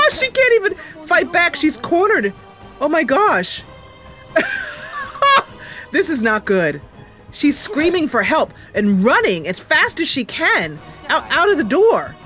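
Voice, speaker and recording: Woman host, narrating a game roleplay, casual asides, somewhat high animated voice. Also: measured pace, music in the background. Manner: lively narration with asides and laughter.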